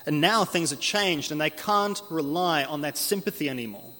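A man preaching an earnest expository sermon, slowing down to read scripture aloud. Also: on the high side, pushed and bright. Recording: long hall reverb.

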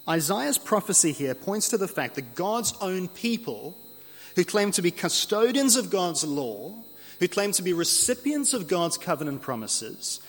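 A man preaching an earnest expository sermon, slowing down to read scripture aloud. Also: a little high, a bit bright. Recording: long hall reverb.

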